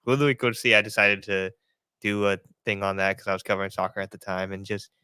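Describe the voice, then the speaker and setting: A man co-hosting a podcast, talking eagerly in a halting, filler-heavy casual chat. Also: on the low side, steady tone, bright, forceful tone, clean tone, dry recording, clean studio sound. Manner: enthusiastic, halting, lots of fillers. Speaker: podcast co-host.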